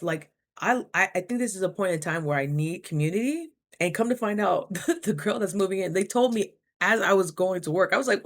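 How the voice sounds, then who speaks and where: A young adult woman in a casual storytelling vlog, chatty and laughing often, with lively quoted asides. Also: lowish voice, moderate pace. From Idaho. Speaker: vlogger.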